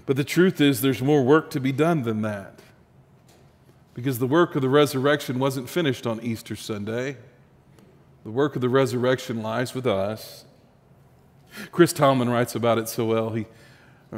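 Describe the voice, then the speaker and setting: A man's voice: a little high, a little slow. Man preaching in a reverberant hall. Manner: storytelling preacher, building emphasis then dropping soft. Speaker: pastor. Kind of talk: sermon.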